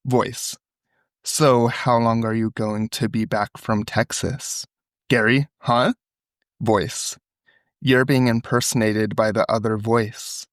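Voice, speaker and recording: A man's voice: medium pitch, slow pace, no echo, clean studio sound. A man co-hosting a podcast, reading a phone call transcript aloud and acting out the quoted lines. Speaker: podcast co-host.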